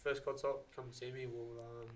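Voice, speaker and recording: A man's voice: medium pitch, level tone, slight background noise. A man, a strength and conditioning coach, talking casually on a podcast with frequent fillers and restarts. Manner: halting, many restarts and fillers.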